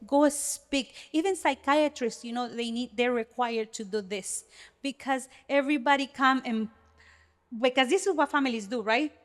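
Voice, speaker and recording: A woman co-hosting a casual podcast, her voice sitting a bit high. She talks earnestly and with energy, often restarting her sentences as she works out what she means. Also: moderate pace. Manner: earnest, animated, many restarts. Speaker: podcast co-host.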